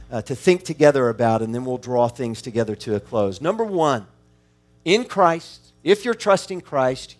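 Male pastor, high voice, expository sermon, reads verses, builds to emphatic calls. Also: a little mellow. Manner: rises to emphatic exhortation; reads scripture aloud between points.

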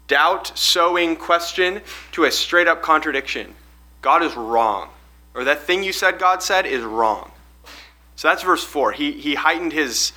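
Bright-voiced man leading a Bible study. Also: a little high, rough recording. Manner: questioning, explanatory, restarts phrases.

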